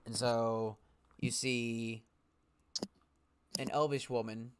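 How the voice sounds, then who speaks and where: A game master narrating a tabletop role-playing session at a slow pace. The narration rambles, circling back and repeating words as scenes are described. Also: mid-range voice, level tone, clean tone.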